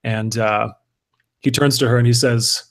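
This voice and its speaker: A man's voice: medium pitch, steady tone, measured pace. A man narrating as game master of a tabletop game, with many hesitant fillers.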